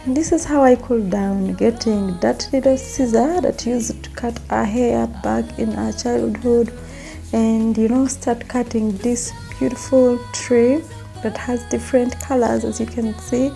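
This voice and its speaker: A young woman speaks in a fairly high, slow voice with a gravelly edge. She talks tearfully in a personal vlog, apologizing as she tries to steady herself. Soft music plays faintly behind her. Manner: tearful, breaking down. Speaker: vlogger.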